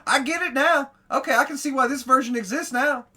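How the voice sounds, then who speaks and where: A man's voice: extremely high pitch, fairly quick, bright, forceful tone. A man recording a reaction video, making casual, amazed asides full of swearing.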